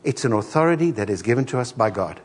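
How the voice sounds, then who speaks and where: A middle-aged man preaching a sermon as a pastor, an animated storyteller who acts out the voices in his stories. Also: mid-range voice, quick pace, breathy edge, in a large hall.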